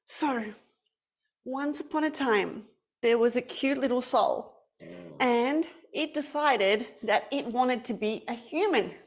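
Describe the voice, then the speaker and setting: A playful young woman with a bright, high voice, leading an online class for kids. She tells a story in a lively, sing-song way, the way a teacher talks to children on a webcam. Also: slow pace.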